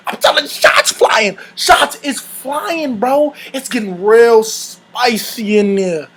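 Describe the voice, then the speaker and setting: A young man hosting his own channel, telling a story in casual storytime style, animated and full of slang, often breaking into laughs. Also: very high-pitched, a little slow, a little hiss or hum. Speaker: channel host.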